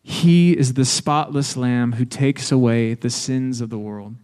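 A man leading a responsive scripture reading in church with a measured, steady manner. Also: medium pitch. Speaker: worship leader.

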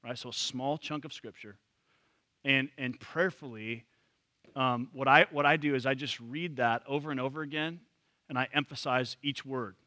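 A man's voice: medium pitch, fairly even intonation, normal speed, bright, forceful tone, no room sound. A man leading a church training session, talking casually with many fillers and restarts. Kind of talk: casual teaching to a group.

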